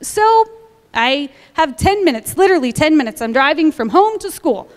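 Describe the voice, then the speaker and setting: A woman in her thirties with a high, bright voice tells her personal story to a church congregation. She is a lively storyteller who acts out the dialogue, and her voice carries a long echo through a large church hall. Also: normal speed. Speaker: church member giving a testimony. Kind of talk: personal testimony told to a congregation.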